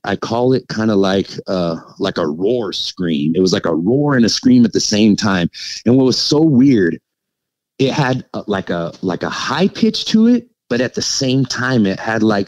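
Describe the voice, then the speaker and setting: Low-voiced man rambling through a story. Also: big pitch swings, darkish tone, dry recording, low-quality recording. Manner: rambling and halting, full of "like" and "you know". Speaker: podcast guest recounting an encounter. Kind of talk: casual storytelling.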